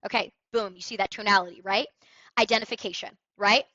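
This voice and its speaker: Bright, emphatic woman sales coach. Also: on the high side, quick pace, dry recording, dull audio. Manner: energetic, emphatic and upbeat. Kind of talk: sales training talk with role-play calls. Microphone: headset.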